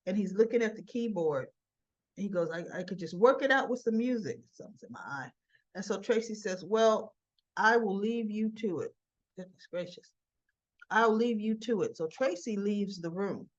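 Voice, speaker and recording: A woman casually recapping a soap opera episode for her channel, chatty and animated as she relays the characters' lines with fillers and asides. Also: mid-range voice, moderate pace, highs cut off.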